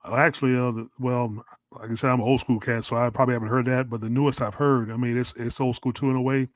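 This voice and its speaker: A man's voice: medium pitch, little pitch movement, quick pace, no echo. A middle-aged man calling into a casual talk show, rambling and often repeating his words. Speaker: guest caller. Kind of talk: casual chat.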